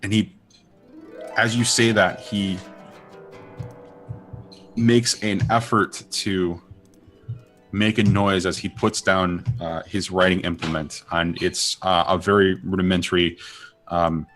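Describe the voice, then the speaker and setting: Man, game master, deep low voice, rambling narration with restarts, faint music behind. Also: fairly even intonation, fairly bright tone. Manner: rambling, halting, many fillers and restarts.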